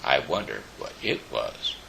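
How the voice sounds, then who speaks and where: A man hosting his own show, reading a children's storybook aloud in a halting way with small slips. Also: rumbling low, sing-song, gravelly, sharp tone, a little hiss or hum, rough recording. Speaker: show host.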